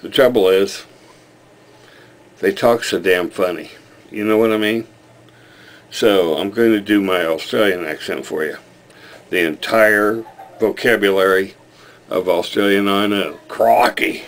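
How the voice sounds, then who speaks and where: Low-voiced man rambling jokily. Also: measured pace, long pauses. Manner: jokey, rambling, chuckles at his own jokes. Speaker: video blogger. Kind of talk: casual comedic vlog and storytelling.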